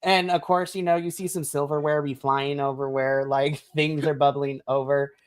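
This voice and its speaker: A woman's voice: low voice, level tone, moderate pace. A woman narrating a tabletop game as game master, rambling with lots of fillers and giggles.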